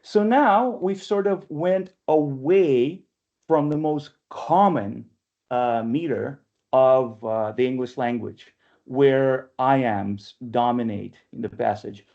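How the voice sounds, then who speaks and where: A warm, medium-pitched man, the workshop leader and a press editor, lectures conversationally in an online poetry workshop, often checking in with "right?" He reads verse slowly and deliberately, and the webinar computer mic produces dull, lo-fi audio.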